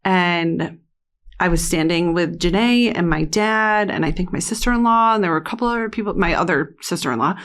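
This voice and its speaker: Halting, emotional woman retelling. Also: on the low side, fairly bright tone. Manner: halting, many restarts and "like" fillers. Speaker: interview guest, mother. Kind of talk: emotional personal storytelling.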